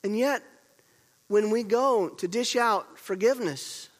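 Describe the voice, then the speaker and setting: A man preaching a sermon as pastor, moving between loud urgent storytelling and quiet hushed emphasis, repeating words to drive points home. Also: high voice, a little slow. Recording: long reverb of a large hall.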